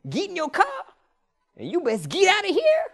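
Male preacher doing a drawling backwoods tough guy, strained and high, warning a stranger off. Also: huge pitch swings, moderate pace, a bit bright, soft background music, heavily acted. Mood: menacing. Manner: drawling, warning, calls listener "boy". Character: gruff menacing rural ringleader man, tobacco-chewing.

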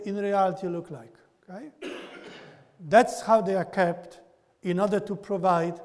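A man giving a classroom lecture, often checking in with his listeners with a quick "okay?". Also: high voice, a little mellow, big-room sound. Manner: keeps tagging "okay?" onto points.

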